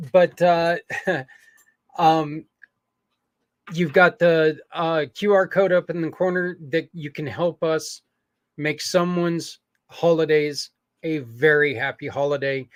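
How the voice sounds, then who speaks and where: Speaking to his listeners in a rather high voice, this earnest podcaster drifts into tangents and fills gaps with "ums" as he makes his appeal. His audio is close and completely dry, without any echo or room tone.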